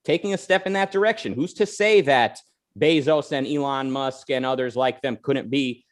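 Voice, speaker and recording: A man hosting a casual online panel show, talking in a lively way with plenty of fillers. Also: medium pitch, normal speed. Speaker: show host.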